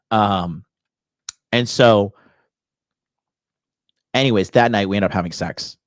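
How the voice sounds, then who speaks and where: On his Tokyo dating talk show, a podcast host and dating coach swaggers through a crude, profanity-packed story. His low voice moves at a moderate pace with long pauses, captured dry and clean in a studio.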